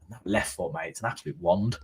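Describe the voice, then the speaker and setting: A man's voice: low-pitched, fast talker. A man co-hosting a casual fan chat, telling rambling anecdotes in a chatty way. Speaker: fan channel co-host. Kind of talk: casual match-reaction chat.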